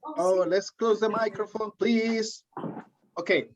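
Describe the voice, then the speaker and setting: Slow-talking teacher with a Colombian accent. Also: male voice, high voice, steady tone, slight background noise. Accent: Colombian Spanish. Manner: friendly, joking, repeats key phrases. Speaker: English teacher. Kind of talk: live online class. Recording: dull lo-fi sound.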